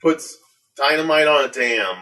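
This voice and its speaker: A man's voice: medium pitch, lively intonation, measured pace, sharp tone. A man in casual chat, telling a story wryly with clipped punchlines. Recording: voice from a distance from the mic.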